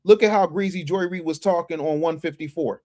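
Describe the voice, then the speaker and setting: A man hosting a casual livestream, reading viewer chats and commenting in an animated, emphatic way that repeats phrases and restarts often. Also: on the high side, a little fast. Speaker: livestream news commentary host.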